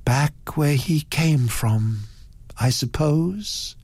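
A man's voice: on the high side, slow pace, darkish tone, dry recording, voice pushed up. A man voicing an intense, enigmatic young woman with an odd, charged voice.

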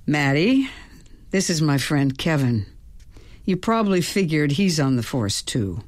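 A woman reading the lines of a relaxed, reassuring young male police officer in a novel. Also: deep voice, unhurried, dry recording.

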